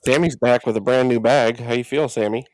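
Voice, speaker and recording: A man's voice: mid-range voice, fairly even intonation, a little fast, noisy background. A man hosting a live stream from a studio, joking with co-hosts and greeting the chat by name. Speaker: host. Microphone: studio mic.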